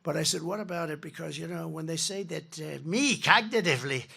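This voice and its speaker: Older male candidate in his 70s, high gravelly voice, digressive and boastful on stage. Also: a little fast, sharp tone. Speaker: political candidate. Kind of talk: campaign rally speech. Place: large rally venue. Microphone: podium mic.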